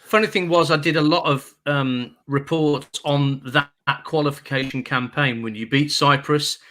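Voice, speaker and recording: Guest spot: an English broadcaster, bright-toned, rattling off anecdotes. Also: male voice, fairly high pitch, fairly even intonation, normal speed. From England. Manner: chatty anecdotes with jokes, puts on voices in quotes. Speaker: guest radio presenter. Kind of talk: casual chat, storytelling.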